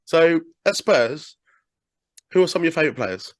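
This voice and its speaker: A British man in his thirties hosting a casual podcast interview over a call, chatty and quick to laugh. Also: fairly high pitch, expressive, dry recording, studio quality. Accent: British English. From England. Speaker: podcast host.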